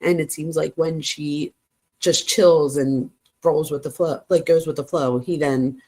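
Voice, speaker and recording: A woman with a somewhat low voice hosts a true crime channel. She talks casually and often turns to her viewers with quick side comments while reading text messages aloud. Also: steady tone, mellow. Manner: chatty, addresses viewers as "you guys" with frequent asides.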